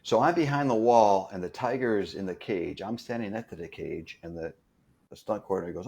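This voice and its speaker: A man, a stunt performer appearing as a guest, tells a story in a casual way, often pausing and repeating words as he goes. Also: fairly low pitch, vocal fry, mellow. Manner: halting, repeats words while recounting. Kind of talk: casual anecdote telling.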